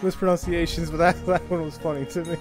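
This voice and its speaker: A man's voice: a little high, level tone, quick pace, soft background music. A man hosting a let's play, bantering casually, laughing easily and poking fun at himself. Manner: laughs easily, self-deprecating.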